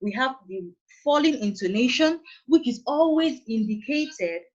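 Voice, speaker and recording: Nigerian woman teacher, fairly high voice, steady and repetitive delivery, muffled recording. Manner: deliberate, repeats key phrases, demonstrates tones. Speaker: English teacher. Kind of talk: classroom lesson on intonation. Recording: dull lo-fi recording.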